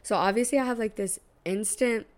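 A woman hosting a podcast, telling a story in a slangy, profane, animated casual way. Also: on the high side, brisk. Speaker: podcast host.

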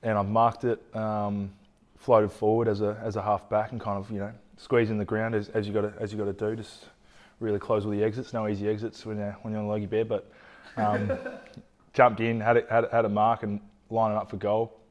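A young Australian man, a former footballer, telling stories in a relaxed, rambling way as a podcast guest. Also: on the low side, brisk. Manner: laid-back, rambling, restarts phrases. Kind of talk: casual chat.

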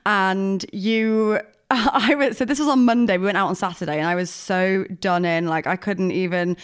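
A woman's voice: mid-range voice, smooth. A young woman co-hosting a podcast, chatting upbeat and enthusiastic about her week. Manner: upbeat, enthusiastic, quick asides. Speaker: podcast co-host. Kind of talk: casual chat.

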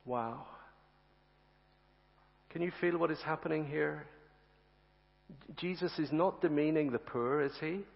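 A man's voice: on the high side, unhurried, gravelly, long pauses. A male preacher giving a sermon in a church, speaking earnestly, repeating phrases and asking the congregation rhetorical questions. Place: church sanctuary. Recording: reverberant church hall, slightly dull sound.

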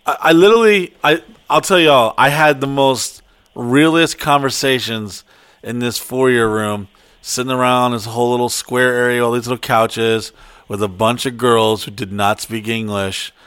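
A man's voice: medium pitch, fairly even intonation, moderate pace, a bit bright, clean tone. A young man in casual conversation, brash and profane, hyping up a story.

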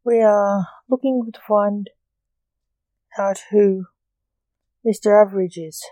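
A woman reading the lines of a brusque, protective magician father in a storybook reading, in her own measured voice. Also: mid-range voice, steady tone, dark tone, dry recording, natural voice. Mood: firm.

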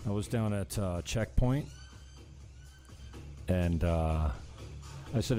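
A man's voice: low voice, measured pace, pauses often, mellow, soft background music. A man from Canada talking casually in a vlog, blunt and rambling, swearing often. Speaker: vlogger.

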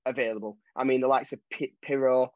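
A man co-hosting a casual football podcast, giving animated, opinionated takes. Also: medium pitch, no echo. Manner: animated, opinionated, quick asides. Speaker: podcast co-host. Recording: dull dry lo-fi sound.

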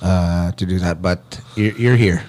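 A man hosting a podcast interview, lively and joking, swearing and laughing easily between questions. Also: low voice, unhurried. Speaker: podcast host. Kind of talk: casual interview talk.

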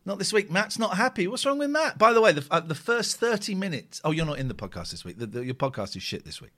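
A man's voice: high voice, sing-song, quick pace, a bit bright. A British man in his forties, chatting casually and sardonically as he reacts to old clips of himself on a live stream. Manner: chatty, jokey, sardonic, rambling with repetitions.

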